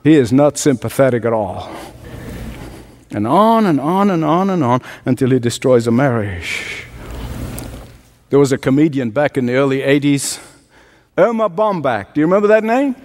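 A man preaching a sermon, emphatic and direct, often dropping to a low, quiet voice for effect. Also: lively intonation, moderate pace, long pauses, long reverb tail. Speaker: pastor.

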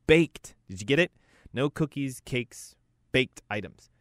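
A man's voice: mid-range voice, moderate pace, dry recording, studio quality. A man hosting a health talk as a coach, emphatic and punchy, rattling off lists. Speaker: health coach and show host.

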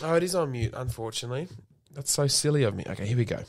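A man's voice: medium pitch, expressive, very fast, very noisy. A young man co-hosting a podcast, joking and laughing through casual banter. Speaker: podcast co-host. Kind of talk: casual chat.

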